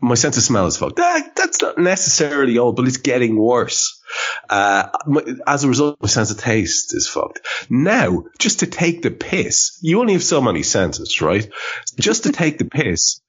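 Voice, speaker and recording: A man's voice: mid-range voice, sing-song, normal speed, husky. A man hosting a podcast in casual chat, rambling with lots of fillers and swearing. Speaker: podcast host. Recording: dull lo-fi podcast audio.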